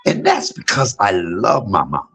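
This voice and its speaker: A man in his fifties speaks in a husky, fairly low voice. He talks on a livestream in a blunt, profane personal monologue, and his pitch swings widely from loud outbursts down to low murmurs. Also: wildly swooping pitch, moderate pace, low-quality recording. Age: 50s. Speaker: livestream host.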